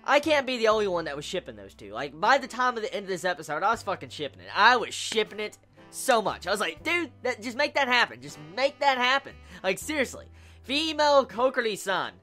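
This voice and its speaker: Excitable, swearing anime reviewer, faint music. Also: medium pitch, fast talker. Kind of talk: casual video review.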